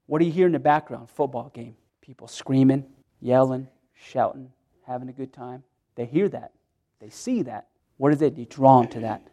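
A man's voice: mid-range voice, warm tone. A middle-aged man, a pastor, preaching an earnest sermon in church, repeating himself and restarting phrases as he pleads with his listeners.

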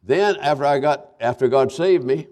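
A man's voice: mid-range voice, moderate pace, a little mellow. An older man from Kentucky preaching a folksy revival sermon, with many restarts and fillers.

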